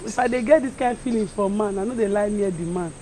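A woman's voice: mid-range voice, fast, background noise, natural voice. An actress playing a shy woman being courted, speaking Nigerian Pidgin in a coy, embarrassed way. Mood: bashful.

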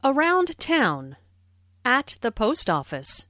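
A woman narrating language notes for an English lesson, speaking slowly and clearly. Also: high voice, dry recording, clean studio sound. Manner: slow and clear, with expressive intonation.

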